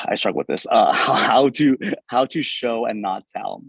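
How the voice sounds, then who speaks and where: A young man giving a fast, energetic, informal webinar talk on medical school applications, with many fillers and restarts. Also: medium pitch, vocal fry, slightly rough, dry recording, low-quality recording. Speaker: medical school admissions advisor and presenter.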